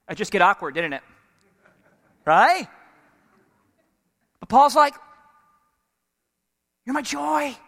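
A man's voice: on the high side, bright, forceful tone. A male pastor preaching a sermon with lots of energy, often asking the congregation to call back answers. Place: church sanctuary. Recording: long hall reverb.

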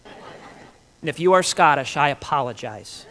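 A man preaching a sermon, emphatic and animated, with rhetorical questions and dramatic pauses. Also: a little high. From Italian heritage.

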